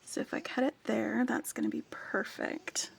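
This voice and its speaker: A woman vlogger talking casually through a jewelry-making project, soft-spoken and often dropping to a whisper as she works. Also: on the high side, moderate pace, creaky, husky. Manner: sings playfully to her dog. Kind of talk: casual crafting talk while working.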